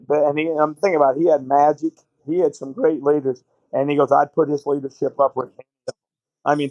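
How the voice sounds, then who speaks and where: A man's voice: on the high side, dry recording, lo-fi sound. A middle-aged man, a basketball coach and podcast guest, telling long anecdotes and acting out the conversations in them. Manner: anecdotal, retells conversations in quotes. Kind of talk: interview storytelling.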